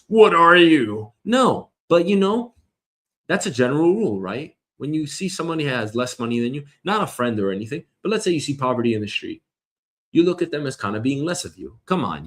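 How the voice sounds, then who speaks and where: A man in middle age rants loudly as a comedy host. His voice sits a little high, and he rambles and swears freely, now and then mocking others in put-on voices. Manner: loud, rambling, swears a lot, mock voices. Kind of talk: profane comedic rant.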